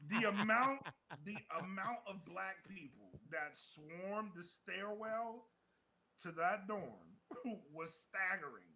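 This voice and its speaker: High, bright-voiced man telling a story. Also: takes it slowly, slight background noise. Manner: animated storyteller, laughs often, acts out shouted quotes. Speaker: podcast co-host. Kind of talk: casual storytelling chat.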